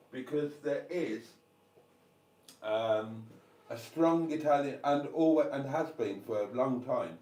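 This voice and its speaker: This older live-streamer has a South Welsh accent and a mid-range, slightly mellow voice. Chatting casually, he rambles through his thoughts aloud and stops to thank viewers.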